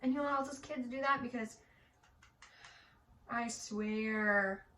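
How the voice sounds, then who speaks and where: Young Michigan mom vlogger, bright and bold, chatty and animated storyteller, recorded at some distance in an echoey room. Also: female voice, fairly high pitch, slow pace, a little hiss or hum. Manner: chatty, animated, swears casually. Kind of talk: casual storytelling while getting ready.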